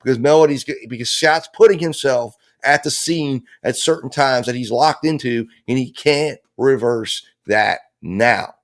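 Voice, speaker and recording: A man's voice: mid-range voice, unhurried, hardly any pauses. A man giving impassioned legal commentary as host of a true crime analysis show, talking bluntly and emphatically with frequent cursing. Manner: emphatic and blunt, with frequent profanity and repeated phrases.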